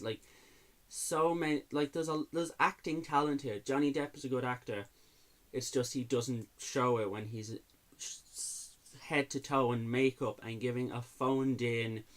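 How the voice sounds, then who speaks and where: Man, middle-pitched voice, exasperated movie rant, sarcastic, cursing. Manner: exasperated, sarcastic, swears freely. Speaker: movie reviewer. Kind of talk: ranting movie review.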